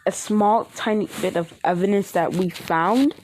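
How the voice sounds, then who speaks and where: An indignant teenage girl scolds her classmates in a fan-made spoken story, voiced by a woman. The voice sits fairly low but climbs as the accusations pile up. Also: very animated, slow, dark tone, slight background noise.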